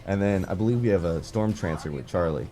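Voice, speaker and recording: A young man giving casual, rambling commentary over his gameplay footage, full of fillers and excited asides. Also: sits low, a little fast, slight background noise. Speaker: gaming video creator.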